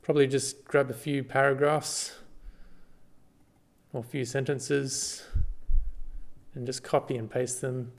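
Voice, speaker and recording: A man casually walks through a screen-recorded tutorial, relaxed and halting, with lots of ums and restarts. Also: mid-range voice, slight background noise. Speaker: party volunteer giving a tutorial.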